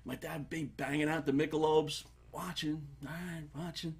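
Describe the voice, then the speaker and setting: A man with a husky, slightly raised voice tells casual stories as a guest on a talk show. He is animated and laughs as he talks. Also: fairly high pitch, normal speed. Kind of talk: casual storytelling.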